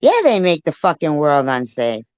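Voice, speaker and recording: A woman's voice: deep voice, sing-song, normal speed, darkish tone, clean tone, dry recording. A woman livestreaming a heated, profane rant, snapping back at people in her chat. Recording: dull lo-fi stream audio.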